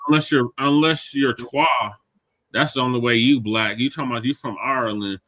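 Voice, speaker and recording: A man co-hosts a live-stream debate, blunt and mocking as he argues back. His tone is sharp and forceful, with a dry, close sound. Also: medium pitch, fairly even intonation, fairly quick, dry recording. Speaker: co-host.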